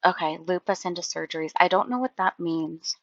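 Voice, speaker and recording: A woman's voice: fairly low pitch, brisk, vocal fry, no room sound, muffled recording. A woman giving casual reaction commentary, rambling and exasperated, with lots of filler words. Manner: rambling, exasperated, heavy use of "like".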